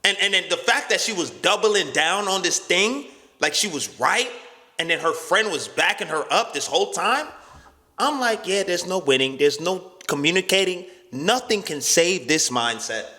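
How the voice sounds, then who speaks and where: Loud animated young man ranting. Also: high-pitched, normal speed, big-room sound. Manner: loud, profane, imitates voices mid-story. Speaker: podcast host. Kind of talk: animated storytelling rant.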